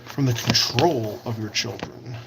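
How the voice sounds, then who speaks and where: A man's voice: mid-range voice, a little slow, creaky, noisy background. A man hosting a casual livestream, reading out and answering viewer comments while he works on a craft project. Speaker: livestream host.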